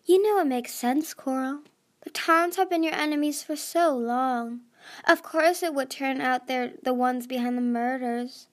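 A woman voicing a scheming female desert dragon who speaks smoothly, with a purr. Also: sits high, normal speed, voice pushed up, close to an everyday voice. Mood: silky. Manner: smooth, purring.

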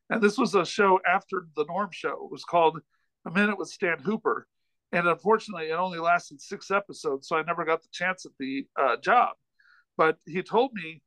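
A man with a high, sharp voice tells a long, rambling anecdote, stumbling into restarts and self-deprecating asides. The sound is dry and close, with no room around it. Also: fairly quick, no room sound, low-quality recording. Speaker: podcast guest, comedian and author. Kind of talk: casual storytelling in a chat.

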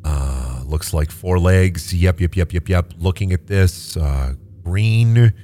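A man narrating as game master of a tabletop game, talking in a lively way with many fillers and restarts. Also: sits low, slow pace, a little hiss or hum.

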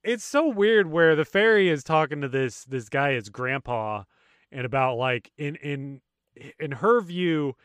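A man co-hosting a casual podcast about a video game, retelling scenes with a laugh and quick voiced asides. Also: fairly high pitch, smooth, no room sound. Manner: laughing, animated retelling with put-on character voices. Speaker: podcast co-host.

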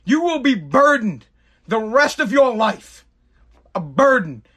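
A man with a high, lively voice rants on his podcast with mocking exasperation. His tone is sharp and forceful as he keeps cracking himself up between lines. He is recording at home. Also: slow pace, husky. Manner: exasperated, mocking, breaks into laughter. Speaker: podcast host. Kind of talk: comedic podcast rant.

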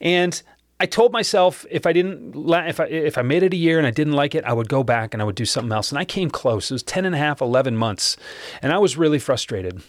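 A man's voice: fairly high pitch, animated, fast, no echo, studio quality. A man telling a personal story to listeners in a conversational way, acting out remembered dialogue.

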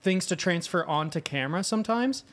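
A man's voice: high voice, expressive, brisk, a bit bright. A man in casual podcast chat, making dry, teasing remarks.

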